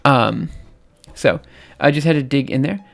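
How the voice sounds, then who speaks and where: A man's voice: medium pitch, measured pace, gravelly. A young man with a light, somewhat androgynous voice, hosting a live stream in casual chat that rambles, with many ums and restarts, and laughing easily. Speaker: livestream host.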